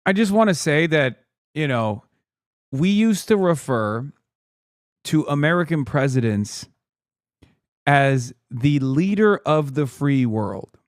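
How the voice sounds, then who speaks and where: A man's voice: on the high side, lively intonation, slow pace, long pauses, no echo, clean studio sound. A man hosting a live stream, riffing sarcastically and with profanity as he reacts to a news clip.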